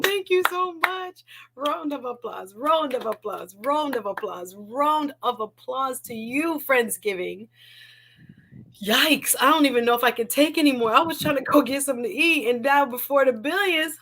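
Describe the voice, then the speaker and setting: A woman's voice: on the high side, measured pace, fairly bright tone. A woman hosting a casual livestream, talking emotionally, laughing often and repeating her words. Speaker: livestream host.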